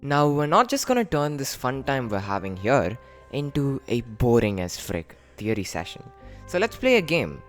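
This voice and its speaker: A man's voice: moderate pace, faint music behind. Playful man explaining with bouncy energy. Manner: jokey, animated, with sudden lifts in pitch. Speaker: creator explaining his invented language. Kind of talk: casual playful explainer vlog.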